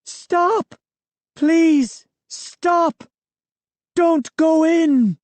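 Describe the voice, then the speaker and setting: Man voicing an eager young woman reporter, higher pitch, quick and polite, storybook, dry. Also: dark tone, no echo, close to an everyday voice. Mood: alarmed shouting.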